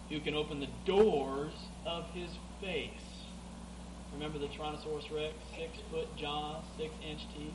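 A man preaching a sermon, reading scripture aloud, swinging between loud emphatic passages and quieter asides. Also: fairly high pitch. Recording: echoey room with clear background noise.

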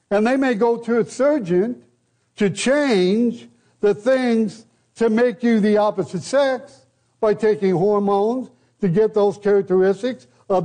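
Older American preacher, high and mellow. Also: male voice. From United States. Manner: deliberate preaching with rhetorical questions and repeated phrases. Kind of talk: sermon.

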